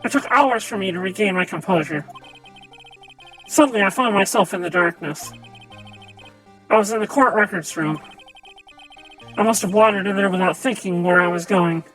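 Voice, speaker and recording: A woman's voice: medium pitch, normal speed, long pauses, a bit bright, soft background music. A woman streaming live, reading a courtroom visual novel aloud and voicing its characters in a theatrical way.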